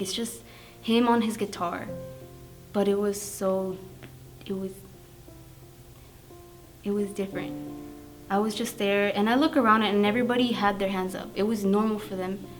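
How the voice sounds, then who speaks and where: Young woman telling her faith story. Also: medium pitch. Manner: chatty, with many fillers and quoted inner thoughts. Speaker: youth testimony speaker. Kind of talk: personal testimony, casual storytelling. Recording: guitar music playing underneath.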